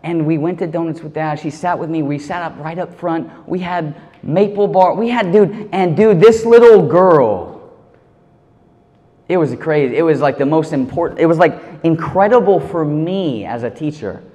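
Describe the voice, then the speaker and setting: A man giving a sermon, telling a story in a casual, animated way full of slang. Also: a little high, normal speed. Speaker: youth pastor. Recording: long hall reverb.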